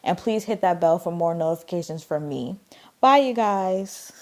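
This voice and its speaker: Chatty lower-voiced woman gushing. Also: expressive, moderate pace. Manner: gushing, chatty, full of "like" fillers. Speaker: drama reviewer. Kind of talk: casual review chat.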